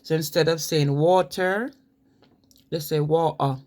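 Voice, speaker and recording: A female vlogger with a low-pitched, slightly mellow voice gives a casual explainer on how people speak in different places, at a moderate pace. She spells words out letter by letter and slips into imitations of local pronunciations and regional accents.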